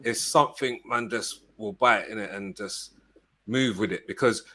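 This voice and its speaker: A man's voice: on the low side, normal speed, sharp tone, slight background noise. A man, co-hosting a casual football fan chat, emphatic and slangy, often asking if others follow him. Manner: emphatic, slangy, keeps checking the listener. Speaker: co-host of a football fan show.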